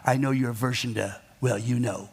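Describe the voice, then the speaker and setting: A man voicing a cool, menacing male diamond dealer in a told story, quiet and controlled. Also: medium pitch, fairly even intonation, brisk, vocal fry, breathy edge. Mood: quietly menacing.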